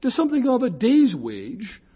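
An older man lecturing on scripture in a chatty, digressive classroom way, often correcting himself and slowing to spell out key terms. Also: very high-pitched, huge pitch swings, breathy edge, muffled recording.

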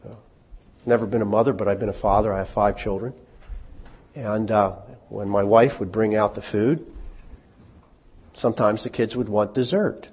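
A pastor's voice, lowish and slightly rough with fairly even intonation, carries through a large hall. He preaches conversationally, asking his congregation questions and voicing short dialogues quickly. The recording is muffled and lo-fi.

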